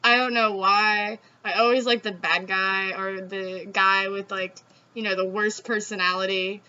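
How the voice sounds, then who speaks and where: A woman's voice: mid-range voice, flat delivery, measured pace, bright, forceful tone, a little hiss or hum. A woman from the Southeastern United States with a Southern accent, hosting a casual, chatty talk with laughs and free swearing. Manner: chatty, giggly, swears freely. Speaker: host. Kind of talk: casual chat. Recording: dull lo-fi sound.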